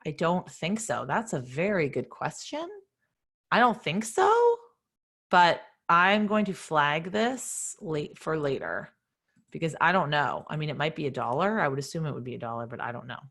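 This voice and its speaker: Woman with a low voice doing a fundraising q&a, punchy and direct, answering question after question. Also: moderate pace. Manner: energetic, direct, coaching tone. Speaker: nonprofit fundraising consultant. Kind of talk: live online office hours Q&A.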